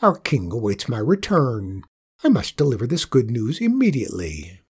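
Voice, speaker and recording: A man voicing a friendly little old male mountain troll who speaks in a shrill, excitable voice. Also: moderate pace, breathy edge, full character voice. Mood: eager.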